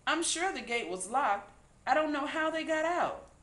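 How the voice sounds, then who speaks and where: A woman voicing an eager young farm boy in a read-aloud storybook, talking excitedly. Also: high-pitched, normal speed, echoey room, pitched above the performer's own voice.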